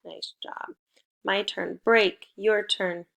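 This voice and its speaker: A woman teaching a recorded phonics lesson for young children. She spells letters out slowly and leads a playful call-and-response. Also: medium pitch, steady tone, vocal fry, a bit bright.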